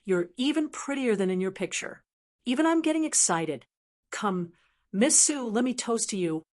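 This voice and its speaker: A woman's voice: a little high, lively intonation, normal speed, darkish tone, close to an everyday voice. A woman voicing a crude, arrogant rich young man who boasts and leers, read out in an audiobook. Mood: leering. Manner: boastful and lewd.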